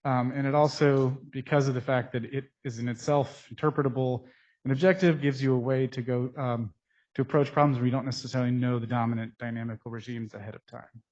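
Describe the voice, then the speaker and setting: A man giving a conference lecture on his research, speaking in a technical, halting way with frequent pauses, into a microphone. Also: mid-range voice, steady tone, a little mellow. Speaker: scientist presenting research. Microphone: speaking into a mic. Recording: dull, muffled through a face mask.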